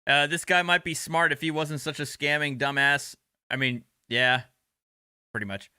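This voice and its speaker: A man's voice: a little high, fairly even intonation, moderate pace, bright, forceful tone, smooth, no room sound, studio quality. A man streaming reaction commentary over court footage, sarcastic and profane, talking back at the clip. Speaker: livestream commentator.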